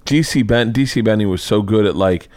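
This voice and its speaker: A man's voice: lowish voice, a little fast, a little mellow, no room sound, clean studio sound. A man in his forties hosting a podcast, a comedian talking casually, crude and swearing, often restarting his sentences. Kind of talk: casual conversation. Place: indoor home studio room.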